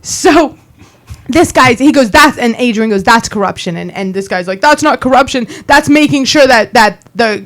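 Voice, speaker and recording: A woman co-hosting a political talk radio show, telling a story with lively quoted dialogue and frequent laughs. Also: sits high. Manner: lively storyteller, quoting others, laughing often.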